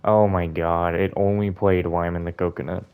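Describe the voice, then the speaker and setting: A man's voice: sits low, level tone, normal speed, a little mellow, clean tone. A young man giving chatty, rambling commentary while playing a video game. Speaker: gaming YouTuber. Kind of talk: casual let's-play commentary.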